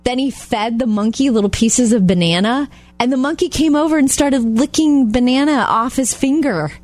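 A woman co-hosting a chatty show, telling stories in a lively, animated way. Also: on the high side, moderate pace, no echo. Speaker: radio co-host. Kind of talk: casual chat.

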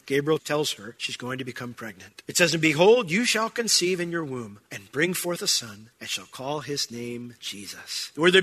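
A man preaching a sermon as pastor, animated, asking the congregation questions and swinging from loud emphasis to soft asides. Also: a little high. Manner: asks the congregation questions directly.

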